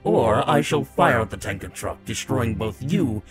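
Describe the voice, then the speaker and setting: A man's voice: mid-range voice, animated, a little slow, over music, natural voice. A man voicing a pompous, short-tempered villainous robot warlord in a fan parody cartoon dub, speaking in a grandiose, theatrical way and barking orders. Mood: gloating.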